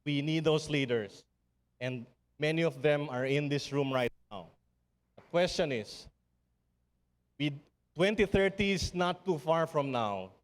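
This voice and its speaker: This middle-aged Filipino summit speaker's keynote is earnest and rousing, structured on recurring refrains. His slightly high, accented voice moves a little slowly with frequent pauses, ringing out with long reverb in a large hall.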